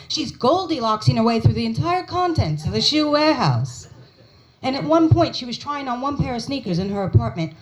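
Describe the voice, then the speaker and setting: A woman's voice: high voice, expressive, brisk, rough recording. An American woman in her forties performing a stand-up comedy set at a small pub comedy night, telling stories and acting out her mother's lines. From United States.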